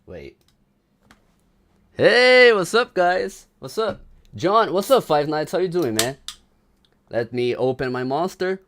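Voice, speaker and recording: A man's voice: fairly high pitch, very animated, measured pace, a bit bright. A man hosting a casual livestream, chatting to viewers, greeting them by name and hyping up the stream. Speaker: livestream host.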